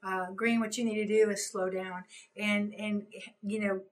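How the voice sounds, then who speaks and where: A woman's voice: medium pitch, flat delivery, measured pace, low-quality recording. A middle-aged woman giving a recorded training talk, coaching with many fillers and restarts. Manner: coaching, gestures while explaining, many fillers.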